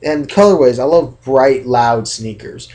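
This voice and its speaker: A young man from California talking casually into the camera in a vlog rant, chatty and animated, acting out how other people react. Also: mid-range voice, unhurried. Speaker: sneaker vlogger.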